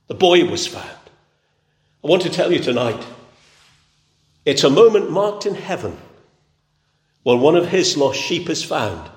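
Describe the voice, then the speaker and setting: A man preaches in a long, echoing hall. His voice sits high and swings widely in pitch. He builds emphasis through steady, repeated phrases. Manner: emphatic, repetitive preaching cadence. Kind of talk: sermon. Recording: echoey hall.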